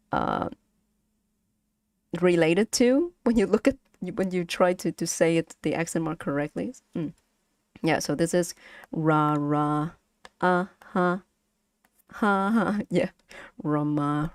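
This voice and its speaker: Casual streamer, woman, patient lesson delivery, unhurried, dead dry close sound. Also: on the low side, a little mellow, no echo. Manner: slow, patient, breaks into sung syllables and laughs. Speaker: streamer teaching Vietnamese.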